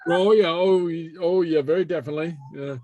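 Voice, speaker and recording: A man teaching an online Gaelic class in a relaxed way, with many fillers and chuckles as he talks. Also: fairly high pitch, fairly quick, no echo, highs cut off.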